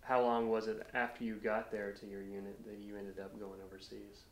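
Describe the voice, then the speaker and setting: A man's voice: on the low side, monotone, normal speed. A man interviewing a veteran for an oral history, asking brief, plain follow-up questions. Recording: roomy echo.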